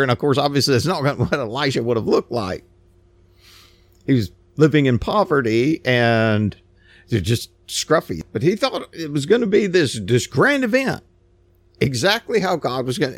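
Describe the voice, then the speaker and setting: Animated preacher with a drawl. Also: male voice, mid-range voice, no room sound. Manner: animated storytelling, retelling scripture in plain everyday words. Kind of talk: sermon.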